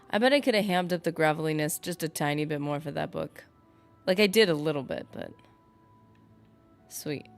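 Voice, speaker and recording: A woman gaming streamer with a somewhat low voice, chatting loosely and rambling as she plays. She talks straight to her viewers while faint music plays in the background. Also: unhurried, creaky, long pauses. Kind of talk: casual live-stream commentary.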